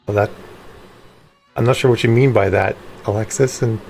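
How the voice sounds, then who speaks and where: Husky and dark, this woman's bass voice carries vocal fry and fairly even intonation at a moderate pace. Hosting a relaxed livestream, she reads chat aloud and talks with viewers, often breaking off mid-sentence to work on voice exercises. Faint music plays behind her.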